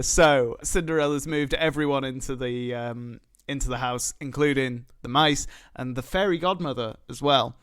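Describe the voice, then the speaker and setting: A man's voice: mid-range voice, normal speed, hardly any pauses, fairly bright tone, smooth. A man co-hosting a podcast in casual chat, rambling and laughing often. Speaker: podcast co-host.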